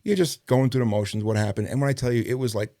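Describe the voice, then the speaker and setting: A man's voice: medium pitch, fast, mellow. A middle-aged man, a retired police detective, tells rambling, profane stories in a casual interview. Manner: profane, rambling storyteller who acts out others' lines.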